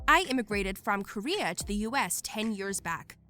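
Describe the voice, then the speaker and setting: A woman narrating Reddit posts as a lively scripted storytelling read. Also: medium pitch, normal speed, hardly any pauses, faint music behind.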